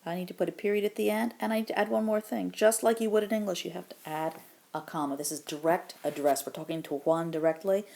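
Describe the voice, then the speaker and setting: A woman teaching a grammar lesson, explaining patiently step by step and modeling example phrases slowly. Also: fairly low pitch, fairly even intonation, creaky, warm tone. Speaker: Spanish teacher.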